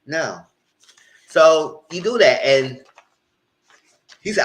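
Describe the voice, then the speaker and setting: A man's voice: very animated, takes it slowly, pauses often, a bit bright, slight background noise. A man giving a live recap of a reality TV show, talking in a sassy, blunt, slangy way. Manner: sassy, blunt, slangy, breaks into mocking high voices.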